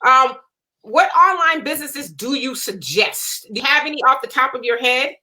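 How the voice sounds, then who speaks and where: A woman's voice: sits high, animated, moderate pace, pushed and bright. A woman co-hosting a casual panel talk who reads out viewer comments and steers the conversation. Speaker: co-host reading viewer comments.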